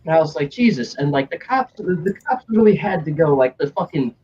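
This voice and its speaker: A man's voice: fairly high pitch, sing-song, brisk, darkish tone, a little hiss or hum. A young man telling a story in casual chat, acting out other people's lines and swearing freely. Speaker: stream host telling a story. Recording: dull lo-fi stream audio.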